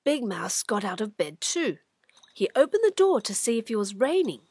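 A woman hosting and narrating a children's radio drama, animated and dropping to whispers for suspense. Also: on the high side, normal speed, husky. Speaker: narrator and host. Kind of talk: expressive children's story narration.

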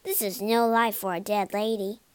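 A woman voicing a genteel lady ghost in a storybook reading, prim and excitable. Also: medium pitch, moderate pace, clear, resonant tone, no room sound, lightly acted. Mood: excited.

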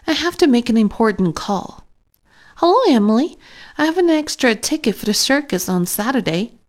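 A woman voicing a bossy, scheming little girl in a storybook, in a high whiny sing-song. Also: animated, normal speed, close to an everyday voice. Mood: sly.

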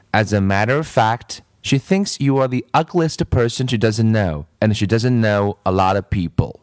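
A man's voice: lowish voice, no room sound, clean studio sound. A man reading a children's story aloud with playful asides to the listener. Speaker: reader.

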